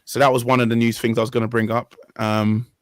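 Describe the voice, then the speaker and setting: A man's voice: medium pitch, flat delivery, fast talker, no room sound, poor audio. Earnest young man, rambling talk. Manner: rambling, self-correcting, earnest. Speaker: podcast host. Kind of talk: casual discussion.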